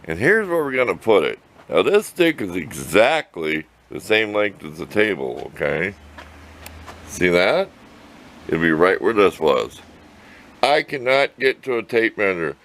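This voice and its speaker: A man's voice: lowish voice, big pitch swings, unhurried, fairly bright tone. An older man vlogging outdoors by his shop, talking to the camera in a folksy, rambling way, sometimes answering himself. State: out of breath. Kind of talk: casual outdoor chat to camera.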